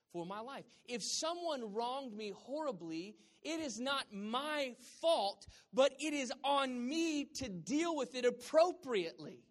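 High-voiced Southern pastor, joking sermon. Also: fairly bright tone. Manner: humorous, conversational, quizzing the congregation. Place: church hall with congregation.

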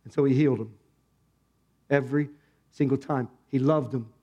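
A male pastor preaching a conversational sermon to his congregation, animated and full of rhetorical questions. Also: medium pitch, moderate pace, highs cut off. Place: church, speaking to a congregation.

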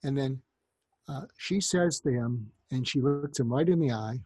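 A man's voice: medium pitch, measured pace, husky, no echo. A man who counsels parents, giving advice as anecdotes and acting out the voices in his stories. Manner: animated storyteller, acts out quoted voices.

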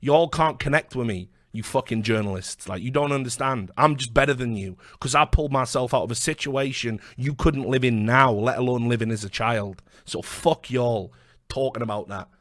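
Brash British commentator; heated, combative rant with stammered restarts, dry and close. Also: male voice, medium pitch, moderate pace, fairly bright tone, no room sound. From Britain. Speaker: online commentator. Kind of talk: angry video rant.

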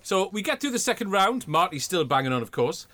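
Animated sweary man. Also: high voice, fairly quick. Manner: animated, sweary, mock-outraged storytelling. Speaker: podcast co-host. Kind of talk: casual comedic chat reviewing an old TV show.

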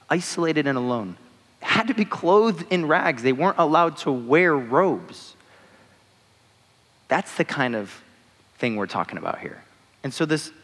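A man's voice: a little high, a bit bright. A young adult man preaching a casual sermon in a chatty way, full of fillers like "like" and "you know". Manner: conversational, uses many fillers like "like" and "you know". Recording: long hall reverb.

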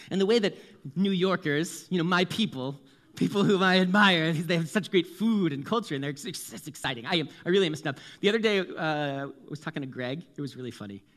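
A young man from Connecticut on the US East Coast preaches a sermon in a slightly high voice. He is animated and self-mocking, often restarting his sentences.

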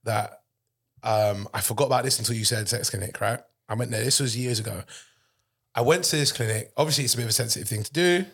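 Jokey slangy podcast host, mid voice. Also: male voice, mid-range voice, fast talker, a bit bright, slightly rough. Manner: jokey, slangy, interjects often. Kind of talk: casual banter.

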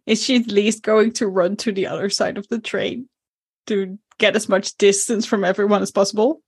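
A woman's voice: medium pitch, fairly even intonation, moderate pace, darkish tone, slightly rough, no room sound, studio quality. A woman speaking as her character in a tabletop role-playing game, hesitant with many fillers.

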